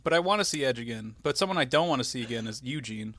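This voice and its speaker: A man's voice: medium pitch, expressive, fast, a bit bright, no room sound, studio quality. A man co-hosting a podcast, joking around, laughing often and breaking into mock outrage. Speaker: podcast co-host. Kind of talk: casual chat.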